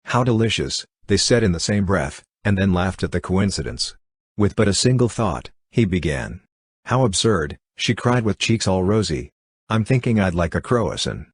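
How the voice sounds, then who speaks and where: A low-pitched man narrates a classic novel as an audiobook. His voice is slightly husky, and the recording is dry and close, with no room sound. He reads steadily and unhurriedly, keeping the dialogue in his own voice. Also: big pitch swings, normal speed, dry recording. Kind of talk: scripted narration.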